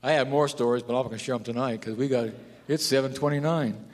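A pastor preaching a sermon, telling stories and rising to loud, emphatic declarations. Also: male voice, medium pitch, fairly even intonation, fast. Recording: long hall reverb.

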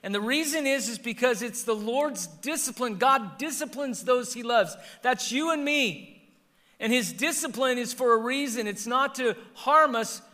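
A middle-aged man preaching a sermon as pastor, swinging between loud emphatic peaks and quiet, low passages. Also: measured pace. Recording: long hall reverb.

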